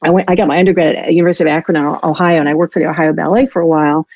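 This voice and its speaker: A woman's voice: deep voice, steady tone, rapid-fire, breathy edge, no room sound, muffled recording. A woman guest on an interview show, telling her story in a candid, self-deprecating way and often restarting her sentences. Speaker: guest, law enforcement resilience instructor.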